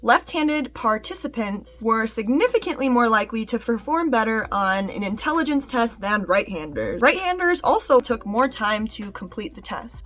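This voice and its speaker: A woman's voice: medium pitch, animated, normal speed, hardly any pauses, a bit bright. A young woman giving casual YouTube commentary, chatty and emphatic, laughing mid-sentence.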